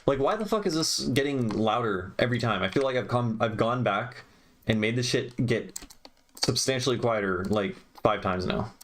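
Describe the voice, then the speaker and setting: While working on a mix, a young music producer mutters to himself, exasperated and swearing. His mid-range voice is animated, a bit bright, and moderately paced, with keyboard clicks, typing, and slight background noise behind him.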